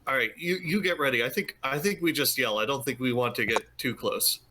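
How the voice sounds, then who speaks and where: A man's voice: medium pitch, brisk, bright, forceful tone, slight background noise. A man playing in a tabletop game, talking through his plans with hesitant restarts. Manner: hesitant, thinks aloud. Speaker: player.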